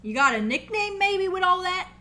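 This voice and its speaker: A woman's voice: extremely high pitch, sing-song, moderate pace, bright, forceful tone, slight background noise, voice pushed up, heavily acted. A woman voicing a big, cheerful young male orc who is a jokester, in a tabletop role-play. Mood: joking. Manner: friendly, joking, upbeat.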